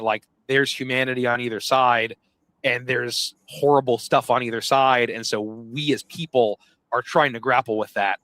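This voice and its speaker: Man, mid pitch, dry close sound, earnest designer rambling with fillers. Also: fairly even intonation, normal speed, fairly bright tone, dry recording. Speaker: game designer. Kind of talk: casual chat.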